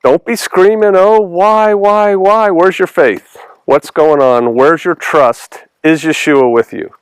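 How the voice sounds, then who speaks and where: A male pastor delivers a relaxed, chatty sermon, often stopping to quiz the people listening. His voice sits high for a man and comes across smooth and clean, recorded close and dry with no room sound. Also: measured pace, no room sound, low-quality recording. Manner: casual and animated, asks the congregation questions. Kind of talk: conversational sermon with Bible reading.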